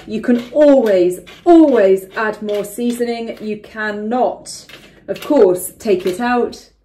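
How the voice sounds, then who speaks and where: A woman's voice: medium pitch, mellow, slight background noise, low-quality recording. A woman, chatting through a cooking demonstration in her home kitchen, instructive and filled with ums. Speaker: cooking vlogger.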